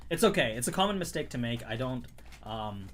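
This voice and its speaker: A man's voice: medium pitch, very animated, normal speed, a little hiss or hum. A Canadian man hosting a casual livestream, chatty and rambling, with a dry cough, often breaking off mid-sentence. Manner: rambling, self-interrupting, chatty. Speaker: livestream host.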